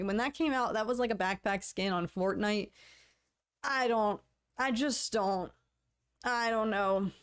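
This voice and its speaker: A woman hosting a casual livestream, talking to her viewers in a rambling way, stammering into restarts and playfully lamenting in a mock-dramatic tone. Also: mid-range voice. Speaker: livestream host.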